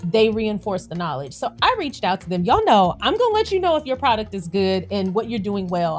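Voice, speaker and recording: A woman with a Southern country accent hosts her own vlog in a chatty, animated way. She laughs easily and sounds natural and unscripted. Faint music plays behind her voice. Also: mid-range voice, brisk, hardly any pauses. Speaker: YouTube channel host. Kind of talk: casual vlog chat.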